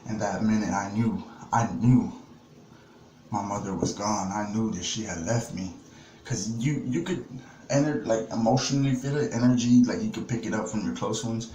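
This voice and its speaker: A young man casually telling a personal story to his vlog audience, rough and plain-spoken, with lots of fillers and swearing. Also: lowish voice, moderate pace, dark tone, slight background noise. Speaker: vlogger. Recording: echoey room, faint ambience.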